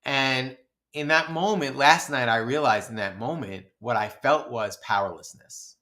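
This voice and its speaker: Male podcast co-host, animated, mid-pitched, casual storyteller. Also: unhurried. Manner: animated, acts out his own shouting and laughs through stories.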